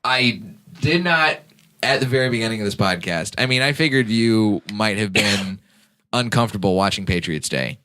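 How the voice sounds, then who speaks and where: A man's voice: lowish voice, moderate pace, bright, forceful tone. A man hosting a comedy podcast, ribbing his guest in casual banter. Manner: teasing, mock-insulting. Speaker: podcast host.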